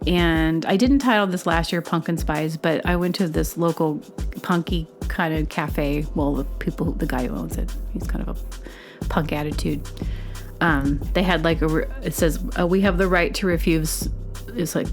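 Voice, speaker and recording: A woman hosting a podcast, talking alone in a rambling, chatty way and jumping into a high, squeaky voice when she quotes others. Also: normal speed, over music. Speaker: podcast host. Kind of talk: casual solo monologue.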